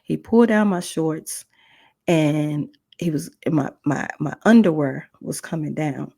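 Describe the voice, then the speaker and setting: A woman's voice: deep voice, a little slow, creaky, dark tone, slightly rough. A woman hosting a podcast, telling a personal testimony with strong emotion and acting out the voices in her story. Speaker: podcast host.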